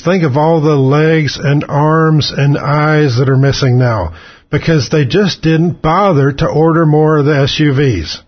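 A man's voice: on the high side, breathy edge. A man hosting talk radio, delivering an angry, profane, sarcastic political rant on muffled lo-fi radio audio.

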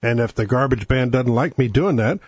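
A man's voice: medium pitch, normal speed, a little mellow, slightly rough, no room sound. A man hosting his own show in a casual monologue, blunt, crude and sardonic, speaking close to the mic. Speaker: podcast host.

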